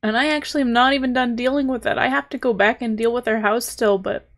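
A woman's voice: on the high side, steady tone, quick pace. A young woman streaming a game, talking casually and emotionally, trying to compose herself while swearing and laughing through tears. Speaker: streamer playing a narrative game. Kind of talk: casual let's-play commentary.

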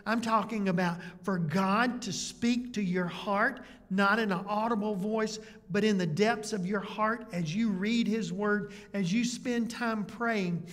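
A man's voice: high-pitched, measured pace, hardly any pauses, a bit bright. A man preaching a sermon as pastor in a conversational way, full of rhetorical questions. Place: church sanctuary. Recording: church hall reverb.

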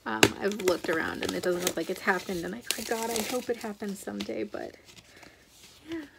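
A woman's voice: medium pitch, a little fast, creaky, very noisy. A young adult woman chatting casually in a home vlog, gushing and often trailing off and restarting her sentences. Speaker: book vlogger.

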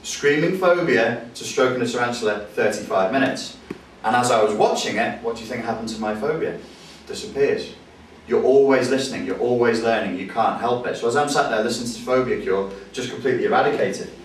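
Trainer: man, animated storyteller, room reverb heavy, mic at a distance. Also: mid-range voice, a little fast, slight background noise. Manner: animated, jokey, acts out voices and screams. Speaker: NLP trainer. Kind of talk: lively teaching with acted-out stories.

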